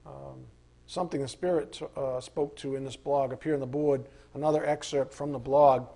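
A man's voice: medium pitch, steady tone, moderate pace, creaky, dark tone. A man leading a Bible study, reading passages aloud and adding earnest, casual asides. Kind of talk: conversational Bible teaching.

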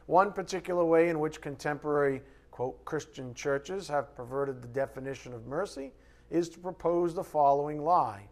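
A pastor with a voice on the high side preaches a sermon at a normal speed. He poses rhetorical questions to his congregation, swinging between loud, emphatic bursts and quiet asides.

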